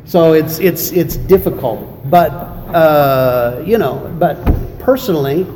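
A man teaching a church lesson as a pastor, animated and given to acting out little scenes and laughing as he goes. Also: a little high, slow pace. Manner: animated storyteller who acts out quarrels and laughs often. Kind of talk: church lesson answering questions. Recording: echoey hall with background noise.

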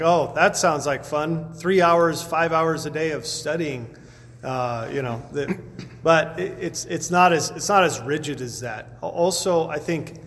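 A man's voice: on the high side, fairly bright tone. A male pastor preaching in a conversational way, often repeating words as he answers questions. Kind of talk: sermon with Q&A. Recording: reverberant hall with faint background noise.

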